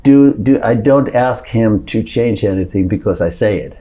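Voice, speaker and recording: A man in his seventies with a Swedish accent talks through his thoughts on a podcast. His voice sits low and dark, and he keeps stumbling, restarting and repeating small words as he searches for the right phrasing. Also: quick pace. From Sweden. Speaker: guest actor. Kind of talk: podcast interview.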